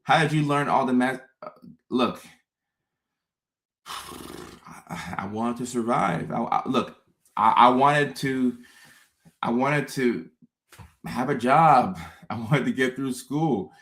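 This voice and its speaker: Male livestream host, mid-range voice, casual and animated, stammering repeats. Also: medium pitch, slow pace, pauses often. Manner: animated, repeats words, acts out his own thoughts. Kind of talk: casual livestream talk to viewers.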